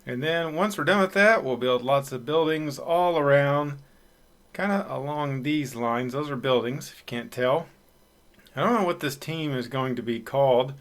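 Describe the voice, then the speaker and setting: A man's voice: mid-range voice, moderate pace. A man hosting a city-building let's play, casual commentary with a chatty, self-deprecating way and frequent fillers.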